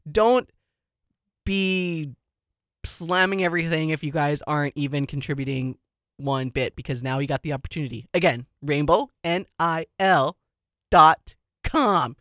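A sports radio host in casual, animated studio chat, emphatic and quick to laugh. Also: female voice, deep voice, no room sound. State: a little out of breath.

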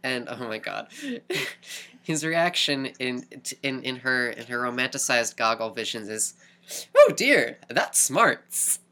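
Podcast co-host, woman with a very low, forceful voice, animated casual recapper. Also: unhurried. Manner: animated storytelling, repeats words while thinking. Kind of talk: casual chat recapping a TV episode.

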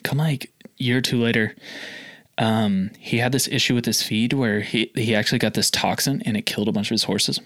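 A man in mid-pitch tells a sales story in relaxed, filler-heavy chat, acting out phone calls and jumping sharply up in pitch. The sound is dry and close. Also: fairly quick, no room sound. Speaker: guest telling a sales story. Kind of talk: casual chat.

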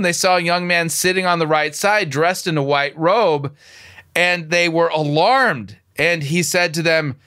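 A man's voice: on the high side, steady tone, unhurried, bright, forceful tone. Sarcastic man critiquing a sermon clip. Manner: sarcastic and incredulous, with frequent restarts. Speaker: host.

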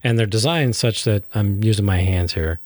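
Man, podcast co-host, low voice, casual rambling chat, dry recording. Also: moderate pace, darkish tone, no room sound. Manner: rambling, explains with many fillers and restarts.

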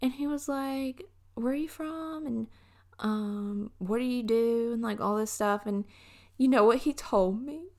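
A woman's voice: fairly high pitch, unhurried, darkish tone. A young woman from Alabama with a Southern accent, hosting a casual solo podcast and rambling through a story with frequent restarts. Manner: rambling, chatty, trails off and restarts. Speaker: podcast host.

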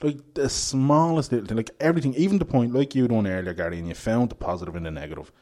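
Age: adult. Sex: man. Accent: Irish. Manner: animated storyteller. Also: mid-range voice, quick pace. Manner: animated storyteller, laughs often. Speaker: guest. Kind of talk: casual podcast chat.

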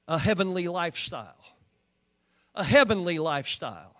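A man with an Oklahoman accent preaching a sermon in a church. His voice sits very high for a man. He talks in a folksy manner and keeps asking the congregation questions. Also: expressive, normal speed, sharp tone. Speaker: pastor.

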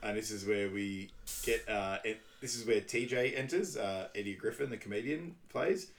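Young male co-host, chatty recap, animated when quoting characters. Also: lowish voice, normal speed. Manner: acts out character lines in animated voices. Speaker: podcast co-host. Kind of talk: casual movie recap chat.

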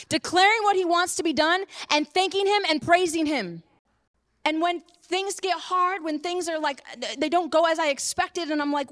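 A woman preacher giving an earnest sermon and personal testimony, moving from hushed to impassioned. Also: sits high. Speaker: apostle and preacher.

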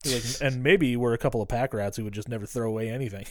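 A man in casual podcast talk, retelling a film and slipping into the characters' lines with a laugh. His voice sits at an ordinary middle pitch. The sound is dry and close, with no room behind it. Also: fast talker, darkish tone, no echo. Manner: retells scenes acting out lines, laughs often, swears. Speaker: podcast co-host. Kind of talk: casual movie recap chat.

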